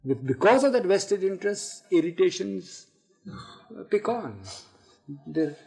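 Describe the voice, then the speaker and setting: An older man telling a spiritual story, halting and repeating words, with laughs, on an archival tape recording. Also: high-pitched, sing-song, creaky, dark tone, faint music behind, poor audio. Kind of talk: spiritual reminiscence talk.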